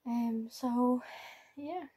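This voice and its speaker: A woman's voice: on the high side, very slow, mellow, slightly rough, rough recording. A young woman chatting casually in a home vlog, rambling with lots of ums and often dropping to a whisper. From Ireland. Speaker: vlogger. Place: home bedroom, indoors.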